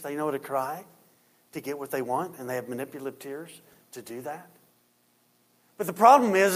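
A man preaching a sermon as pastor. He stresses points with rising force and drops low and quiet to read scripture. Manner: preaching with rising emphasis, then dropping quiet for scripture reading.

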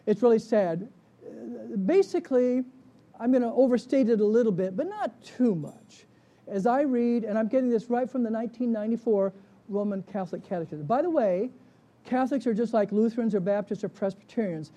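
Man, pastor, bible study teaching, conversational, asks the class questions, dark warm voice, church classroom. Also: very high voice, a little fast, lo-fi sound.

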